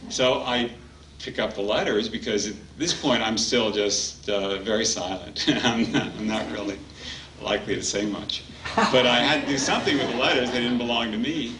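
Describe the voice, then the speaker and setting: A man speaking at a retreat, telling a personal story in a halting, heartfelt way with many pauses. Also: mid-range voice. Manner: halting, warm reminiscing with frequent pauses. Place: retreat hall. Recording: roomy hall, distant mic, faint background hum.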